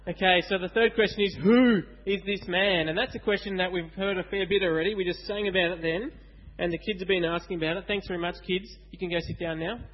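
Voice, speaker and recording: A man gives a lively children's Bible talk in church and keeps asking the kids questions. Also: high voice, quick pace, lo-fi sound. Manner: animated, asks kids questions.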